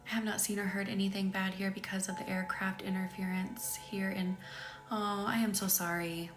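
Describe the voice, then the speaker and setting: A woman in her thirties leads spoken affirmations on a live stream, gentle and chatty, and keeps pausing to thank people in the chat. Her voice sits at a middling pitch. She talks into a computer mic in an echoey room with faint music behind her. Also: little pitch movement. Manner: gentle, chatty, often breaking off to read comments. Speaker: healing coach hosting a live session.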